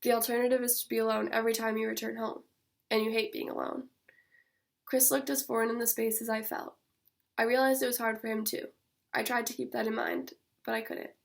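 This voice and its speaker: A young woman, an author, reading her own fiction aloud in a measured, steady first-person voice. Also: a little high, vocal fry.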